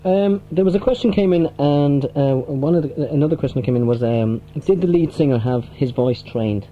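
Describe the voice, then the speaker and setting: A man's voice: on the high side, brisk, slight background noise. A man presenting local radio, interviewing a guest in an easygoing way and reading out listener questions. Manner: easygoing, brief acknowledgements, reads out listener questions. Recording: dull lo-fi old radio tape.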